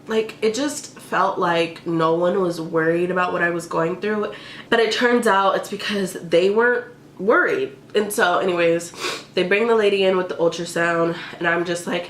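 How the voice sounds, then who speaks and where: A young woman telling a personal story in a casual vlog, emotional and full of "like" fillers. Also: on the low side. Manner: emotional, tearful at times, many "like" fillers. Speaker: vlogger. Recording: roomy echo with faint background hiss.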